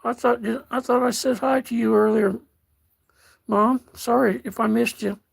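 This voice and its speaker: An older American man hosting a casual livestream, reading out chat messages in a slow, folksy way and calling viewers darling. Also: extremely high pitch, steady tone, gravelly, husky. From United States.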